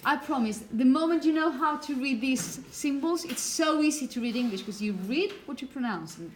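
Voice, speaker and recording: A woman's voice: high-pitched, animated, normal speed, a little hiss or hum. A woman whose first language is Spanish, teaching a phonetics lecture to a class and checking in with "okay?" as she explains.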